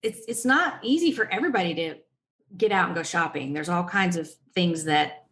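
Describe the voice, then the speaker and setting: A woman's voice: on the low side, animated, moderate pace, fairly bright tone. Encouraging woman hosting a podcast. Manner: encouraging, speaks to the listeners. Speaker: podcast host. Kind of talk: casual advice chat.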